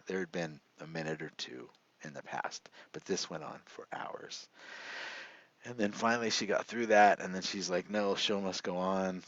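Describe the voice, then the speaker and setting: A man's voice: deep voice, fairly bright tone. A middle-aged man, a show host, earnestly telling a personal story, rambling with many restarts. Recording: dull lo-fi sound.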